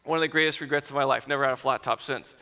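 A man in his forties telling personal stories to an audience, lively at first and then quiet and reflective. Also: medium pitch, rapid-fire, a little hiss or hum. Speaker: speaker addressing an audience. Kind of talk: personal storytelling talk.

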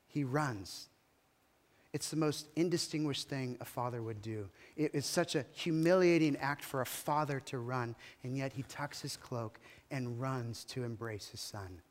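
A man's voice: medium pitch, long reverb tail. A male pastor preaching a sermon in a church, telling the story emphatically with dramatic rises and falls. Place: church hall.

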